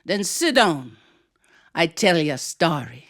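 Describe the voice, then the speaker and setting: A woman voicing a tall, regal aunt, speaking in a stern, hushed, dryly teasing way. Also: deep voice, very animated, slow, creaky, voice pushed down, heavily acted.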